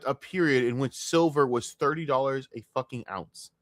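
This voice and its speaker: A man streaming a reaction to a video, ranting and swearing constantly, with sudden loud outbursts between muttered asides. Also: medium pitch, brisk, few pauses, no echo, studio quality. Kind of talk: casual profane reaction commentary.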